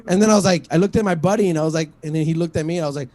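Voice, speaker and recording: A man's voice: on the high side, very fast, warm tone. A man doing a stand-up set at an online open mic, rambling and profane, full of fillers and restarts. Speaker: stand-up comic.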